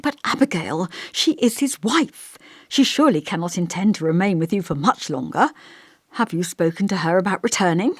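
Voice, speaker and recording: Storybook vicar, male, gentle and scholarly, kindly but hesitant, put on by a woman reader with a lowish voice. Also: lively intonation, moderate pace, breathy edge, no room sound, studio quality. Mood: earnest. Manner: kindly, hesitant, over-polite. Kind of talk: audiobook character voice.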